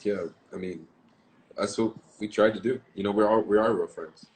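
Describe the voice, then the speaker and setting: A man's voice: lowish voice, fairly even intonation, normal speed, darkish tone, rough recording. A man from the American South, a guest actor chatting casually and playfully on a live stream. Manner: laid-back, playful, lots of "like".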